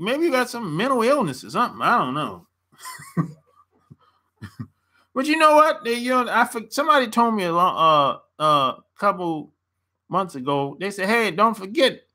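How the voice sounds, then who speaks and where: Man, American, blunt casual rant, laughs a lot, bright sharp tone. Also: high-pitched. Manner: blunt, animated, laughs often. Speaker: relationship coach vlogger. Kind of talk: casual opinion rant to camera.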